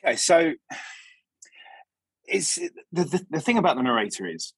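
Male stage actor as interview guest, husky tone, dry close mic, chatty and digressive. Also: fairly high pitch, sing-song, moderate pace, no room sound. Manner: rambling, self-interrupting anecdotes with many restarts. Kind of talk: casual interview storytelling.

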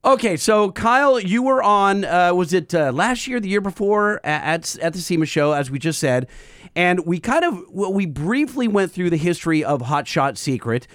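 A man co-hosting a truck podcast, joking with his co-host and reading ads in a lively, chatty way. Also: sits high, normal speed, no echo, studio quality. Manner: lively, jokey, reads specs off a chart. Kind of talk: casual podcast chat and live ad reads.

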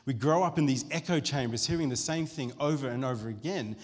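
A pastor giving a conversational sermon, with frequent restarts and asides to the congregation. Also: male voice, medium pitch, brisk, darkish tone. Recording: long hall reverb.

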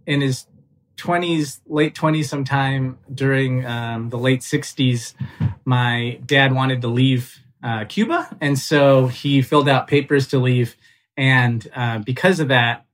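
A comedian appearing as a podcast guest tells a personal story in a mid-range voice, taking his time. He's animated and self-mocking, laughs often and uses plenty of fillers.

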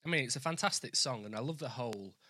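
A man's voice: medium pitch, quick pace, pushed and bright, dry recording. A man with a Yorkshire accent hosting an interview, friendly and teasing. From Northern England. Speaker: interview host. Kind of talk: casual interview chat.

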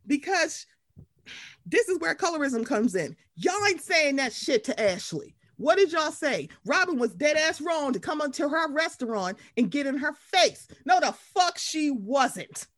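A woman co-hosting a casual recap chat, profane and animated, acting out the voices she quotes. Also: sits high, a little slow, dry recording. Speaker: podcast co-host.

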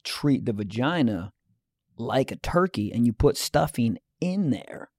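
A man's voice: mid-range voice, very animated, a little slow, darkish tone, dry recording. A man co-hosting a comedy podcast, riffing with crude jokes in casual chat. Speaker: podcast co-host.

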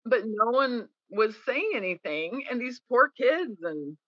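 A woman's voice: a little high, unhurried, dry recording, highs cut off. A woman guest in a podcast interview, telling candid stories and acting out quoted people. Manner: candid, animated storytelling with quoted voices.

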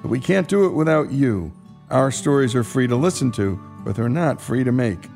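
Gravelly-voiced male radio host. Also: medium pitch, animated, normal speed, darkish tone, faint music behind.

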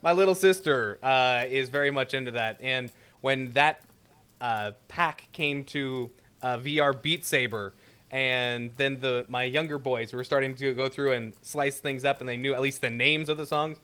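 A man's voice: medium pitch, normal speed, a bit bright, clear, resonant tone. A middle-aged man from the US West Coast, co-hosting a podcast with playful, teasing banter and frequent laughter. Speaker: podcast co-host. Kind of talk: casual banter.

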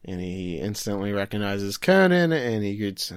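A man's voice: on the low side, big pitch swings, smooth, dry recording, studio quality. A young man casually recapping an anime episode as a podcast co-host, joking and acting out the characters' lines. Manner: joking, acts out characters' lines in quick voices. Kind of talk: casual chat.

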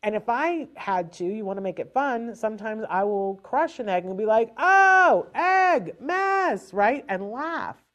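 A woman giving parents casual spoken advice in a lively, chatty way, often restarting her sentences. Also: mid-range voice, moderate pace, hardly any pauses, muffled recording. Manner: animated and chatty, with frequent restarts. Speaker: advisor to parents on child language delay.

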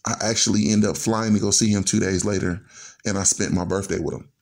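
A man's voice: fairly low pitch, fairly even intonation, fairly quick, creaky, darkish tone. A man in his forties earnestly telling a personal story in a conversational way, acting out bits of dialogue. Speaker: guest storyteller.

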